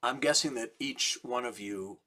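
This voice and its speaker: A middle-aged man, a rabbi, giving a slow, deliberate sermon with emphatic repetition. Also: mid-range voice, sharp tone. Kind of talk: recorded sermon message.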